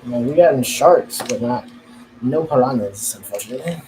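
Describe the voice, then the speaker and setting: Man, casual chat, offhand, musing, mellow voice. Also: mid-range voice, lively intonation, brisk, a little hiss or hum, low-quality recording.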